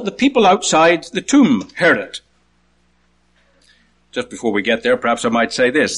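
This is a man delivering a sermon, working through a passage point by point. Quoted words get called out with his voice lifted high, while quiet asides come with his voice dropped low.

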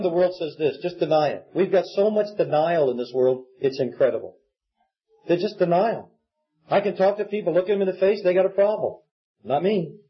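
A man preaches with earnest conviction, his voice pitched high and slightly husky. He breaks into acted-out pleas as he makes his points, and the recording sounds dull and lo-fi. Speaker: pastor. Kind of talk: sermon.

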